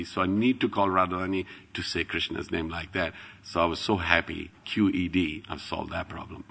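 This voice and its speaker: Man, middle-aged, devotional storyteller, gravelly, bright edge, jumps from loud to hushed. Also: sits low. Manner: animated, swings from loud exclamations to hushed asides; laughs while telling stories. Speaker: devotional speaker.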